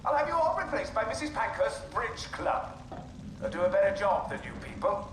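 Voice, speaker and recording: A man's voice: high voice, sing-song, brisk, a bit bright, reverberant, a little hiss or hum. An actor voicing a haughty male scientist boss in a video game, with a Welsh accent, berating his staff.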